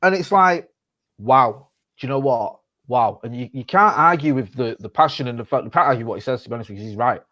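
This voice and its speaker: Man, thirties, podcast co-host, casual sweary chat, rambling, mid-pitched. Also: fast talker, lo-fi sound. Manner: sweary, rambling, animated storytelling.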